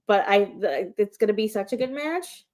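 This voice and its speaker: A woman co-hosting a live wrestling call-in show, chatting excitedly with lots of fillers and the odd swear. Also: medium pitch, moderate pace. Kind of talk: casual chat. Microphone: livestream microphone.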